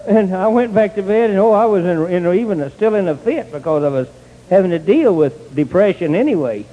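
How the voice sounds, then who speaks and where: An older man telling his own story in a plain, folksy way, with bursts of excitement. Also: high voice, fairly quick, phone-quality sound. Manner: plain country speech, rising to excited outbursts. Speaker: testimony speaker. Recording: long hall reverb.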